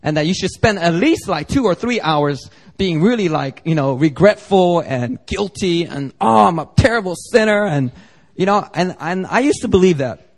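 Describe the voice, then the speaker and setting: A man's voice: fairly high pitch, lively intonation, normal speed, darkish tone. A man preaching a sermon as pastor, conversational and joking, acting out little dialogues. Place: church service.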